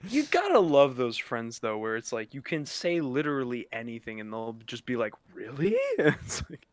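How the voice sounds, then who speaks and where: A man's voice: mid-range voice, big pitch swings, moderate pace, no echo. A young man co-hosting a casual podcast, reacting squeamishly and laughing along.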